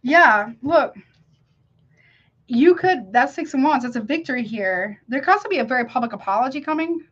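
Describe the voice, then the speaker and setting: A woman's voice: high voice, animated, moderate pace, a bit bright, dull audio. A woman giving a casual tarot reading, emphatic and slangy, who keeps checking "you see what I'm saying?". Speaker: tarot reader.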